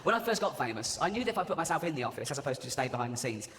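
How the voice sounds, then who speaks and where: A man's voice: mid-range voice, very animated, racing, background noise. A man performing live stand-up comedy, mocking and swearing as he mimics people, recorded in a large venue before an audience. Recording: echoey arena with loud crowd ambience.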